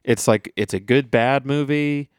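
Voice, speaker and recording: A man's voice: mid-range voice, measured pace, smooth, no room sound, studio quality. A man co-hosting a podcast, chatting casually about movies in a laid-back, rambling way. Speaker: podcast co-host.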